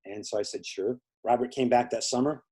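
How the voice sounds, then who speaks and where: A man's voice: medium pitch, fairly even intonation, brisk, darkish tone, slightly rough. A man being interviewed, telling a long story in casual conversation, rambling with many fillers and acting out the people he quotes. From Indiana. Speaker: interview guest.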